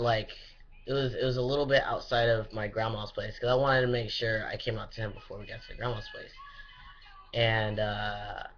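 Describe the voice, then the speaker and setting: A young vlogger with a low-leaning, slightly bright voice gives a casual, rambling personal update. He's full of fillers and restarts, swearing freely, in a dull lo-fi recording.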